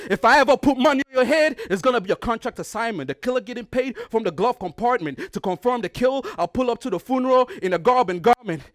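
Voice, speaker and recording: A man's voice: sits high, no echo, clean studio sound. A young man from Ghana performing a battle rap, aggressive and taunting, repeating punchlines with rising force. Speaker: battle rapper.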